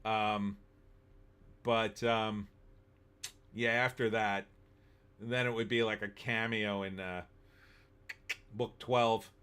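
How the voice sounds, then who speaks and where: A man's voice: fairly low pitch, level tone, slow pace, long pauses, a bit bright, smooth. A man hosting a live movie-talk stream, chatting casually and answering viewer comments in a rambling, opinionated way with lots of ums.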